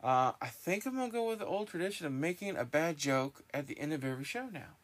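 A man hosting a podcast in casual chat, telling stories in a rambling, animated way with lots of restarts. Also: fairly high pitch, quick pace. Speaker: podcast host.

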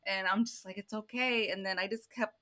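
A woman's voice: mid-range voice, steady tone, a little fast, sharp tone. A woman guest on a podcast, casually retelling a shared climbing story and laughing often. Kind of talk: casual chat.

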